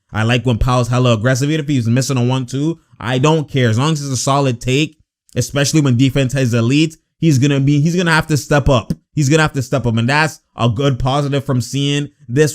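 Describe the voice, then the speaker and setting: A man giving casual, slang-filled reaction commentary on basketball footage, animated and exasperated. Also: medium pitch.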